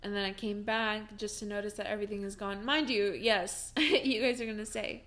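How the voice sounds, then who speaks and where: A woman's voice: mid-range voice, fairly even intonation, moderate pace, few pauses, a bit bright. A young woman vlogging from home, telling a personal story in a casual, chatty way with many fillers and restarts, and breaking into laughs as she talks.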